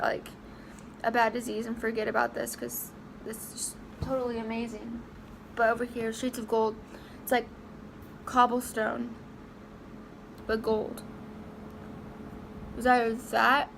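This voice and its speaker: Emotional young woman with a gravelly voice. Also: a little high, a little hiss or hum. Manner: halting, emotional, many fillers and restarts. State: close to tears. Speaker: vlogger. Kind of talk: casual personal storytelling to camera.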